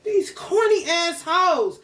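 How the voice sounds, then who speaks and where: High-voiced angry ranting woman. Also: expressive, slow pace, a bit bright, roomy sound, slight background noise. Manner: angry, confrontational, swearing. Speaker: spiritual content creator. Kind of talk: profane stream-of-consciousness rant.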